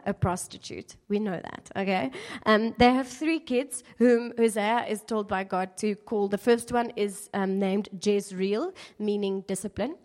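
A woman giving an informal sermon in a chatty, playful way, with many fillers and laughs at her own jokes. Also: medium pitch. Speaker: speaker at a church gathering.

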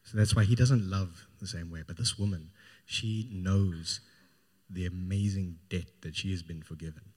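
A man's voice: sits low, steady tone, normal speed, darkish tone. A man preaching a sermon, retelling a Gospel story in an informal, storytelling way. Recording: long hall reverb.

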